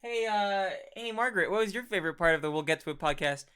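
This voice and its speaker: A man's voice: high-pitched, lively intonation, fast talker, sharp tone, smooth. A man hosting a podcast in casual, joking chat. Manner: chatty, joking. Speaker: podcast host.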